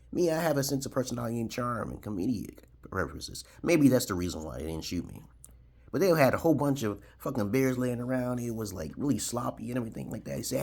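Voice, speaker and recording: A gravelly, husky, darkish medium-pitched voice with big pitch swings comes from a fast-talking man in his forties. This Brooklyn, New York video blogger rambles on camera, chuckles, and keeps ending points with "okay?".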